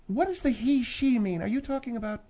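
A woman's voice: fairly high pitch, expressive, a little fast, mellow. A woman co-hosting a radio talk show, arguing back in an indignant, needling way. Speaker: radio co-host. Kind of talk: casual radio banter.

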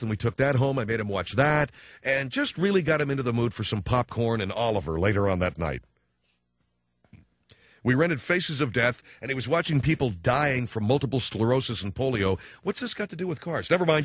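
A man's voice: mid-range voice, animated, a little fast, no room sound. A man in his forties delivering a rambling, self-mocking comedic monologue as a radio host. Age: 40s. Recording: slightly dull lo-fi recording.

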